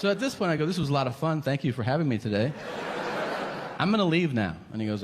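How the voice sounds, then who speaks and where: A man's voice: medium pitch, racing, heavy background noise. A man doing stand-up, telling a story with profanity and acting out both sides of a conversation. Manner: animated, profane, acts out both sides of a dialogue. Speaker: stand-up comedian. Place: large venue with audience laughter. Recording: live hall recording with long reverb.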